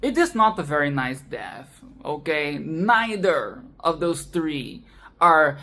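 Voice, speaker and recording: A young woman hosting a casual film rant, laughing often, exasperated and swearing, with sudden animated outbursts. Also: low-pitched, slow. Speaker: film commentary channel host.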